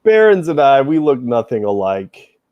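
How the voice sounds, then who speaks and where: A man's voice: mid-range voice, very animated, moderate pace, dry recording, muffled recording. A man hosting a casual chat show, rambling and self-deprecating, with a faint Southern American accent. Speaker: podcast host.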